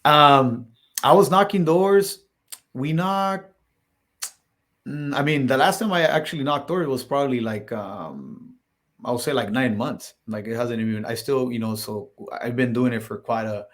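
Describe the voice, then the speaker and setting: A man speaking at a middle pitch, chatting as a podcast guest. He rambles through his stories with constant "like" and "you know". He jumps into the voices of the people in them as he goes. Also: measured pace, a bit bright. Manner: acts out quoted dialogue in his stories. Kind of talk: casual storytelling interview.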